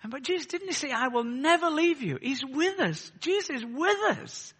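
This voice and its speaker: A man preaching a sermon. He swings between loud, fervent peaks and soft, chatty asides. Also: very high-pitched, big pitch swings, moderate pace, hardly any pauses, big-room sound.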